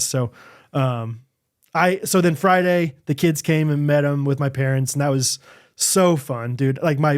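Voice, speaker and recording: Animated higher-voiced man telling a story. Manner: animated storytelling, acting out quotes with big pitch jumps and laughs. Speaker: podcast co-host. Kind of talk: casual chat.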